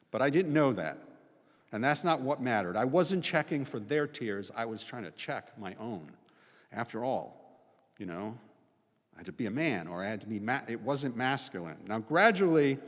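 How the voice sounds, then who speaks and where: A man in his sixties, a visiting professor, talks through personal stories in an easy conversational way. He often checks in with a quick "right?" Long reverb from the chapel hangs behind every phrase. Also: medium pitch. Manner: conversational, frequent "right?" tags. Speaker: guest speaker, sociology professor. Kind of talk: personal storytelling talk. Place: college chapel.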